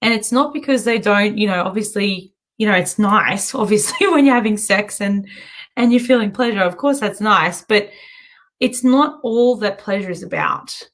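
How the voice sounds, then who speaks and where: A woman hosting a show, telling a story in a chatty, animated way and often breaking into giggles. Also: mid-range voice, normal speed. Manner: chatty and animated, self-interrupting. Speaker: host. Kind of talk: casual storytelling monologue.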